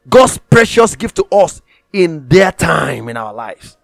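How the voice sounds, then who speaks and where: A man's voice: fairly high pitch, big pitch swings, slow, vocal fry, no echo, clean studio sound, soft background music. A man preaching a sermon, emphatic, repeating phrases for stress and reading scripture aloud in old-fashioned wording.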